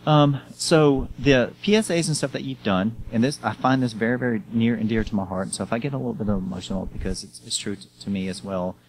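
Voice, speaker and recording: A man's voice: mid-range voice, a little fast, few pauses, a little hiss or hum, low-quality recording. A man hosting an interview show, enthusiastic and affirming, with plenty of ums and restarted sentences. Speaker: talk show host. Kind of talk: interview host chat.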